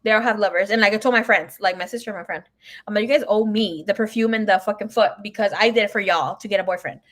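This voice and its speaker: A woman's voice: medium pitch, quick pace. A woman giving a casual live tarot reading, chatting and telling stories to viewers she calls by name. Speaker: tarot reader.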